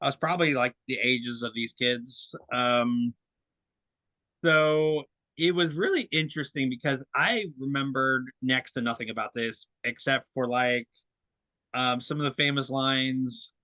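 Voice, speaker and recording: Bright-voiced young man chatting casually. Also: mid-range voice, measured pace, dry recording. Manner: rambling, many fillers and restarts. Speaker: co-host reviewing film releases. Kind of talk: casual podcast chat.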